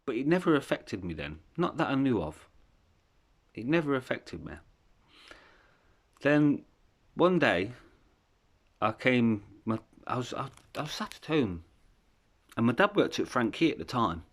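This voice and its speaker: A man's voice: mid-range voice, very animated, measured pace, pauses often. A man telling his life story in a candid, rambling way, swearing freely. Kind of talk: casual storytelling.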